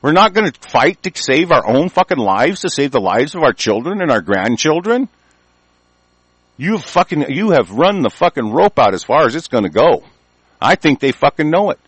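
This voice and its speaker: A man's voice: fairly high pitch, big pitch swings, normal speed, a bit bright, breathy edge, no room sound. Profane, ranting man, dry close sound. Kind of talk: angry monologue rant.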